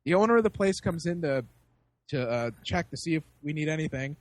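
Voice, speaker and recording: A man with a high voice tells a story on a podcast. He is animated and laughs often. He acts out the people in the story as he goes. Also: fairly quick, no echo. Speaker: podcast host. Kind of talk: casual storytelling.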